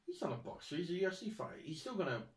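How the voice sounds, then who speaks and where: A man's voice: high voice, sing-song, rapid-fire. A young man hosting a casual sports podcast, laying out numbered points and raising provocative questions. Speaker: podcast host. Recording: roomy, mic at a distance.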